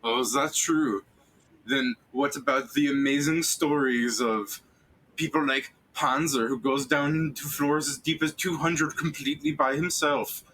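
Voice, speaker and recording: A man's voice: mid-range voice, unhurried, fairly bright tone, slight background noise, lightly acted, poor audio. A man voicing a worried male townsperson who rambles and turns sarcastic. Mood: snippy.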